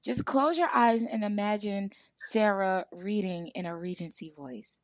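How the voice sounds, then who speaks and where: Slow-talking, playful woman host. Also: mid-range voice, no room sound. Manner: playful, coaxing, teasing. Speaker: podcast host. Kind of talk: casual interview.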